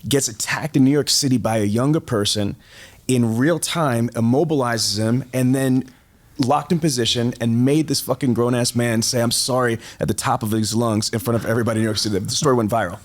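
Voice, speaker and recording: An enthusiastic man speaks at a middle pitch as a podcast guest. He is emphatic and swears casually as he hypes his partner's stories. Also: fairly quick.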